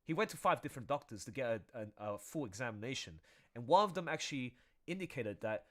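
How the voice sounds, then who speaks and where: A man talks casually while he draws on a live stream, rambling from one thought to the next. His pitch swings widely as he reacts, and the chat stays loose and animated throughout. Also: quick pace. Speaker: artist streaming while drawing.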